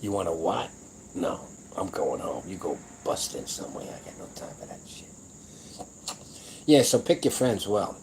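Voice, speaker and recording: A man's voice: deep voice, sing-song, moderate pace, background noise. Blunt, rambling man in his seventies. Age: 70s. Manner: blunt, rambling, profane, boastful. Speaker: powerlifting channel host. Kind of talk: casual livestream chat.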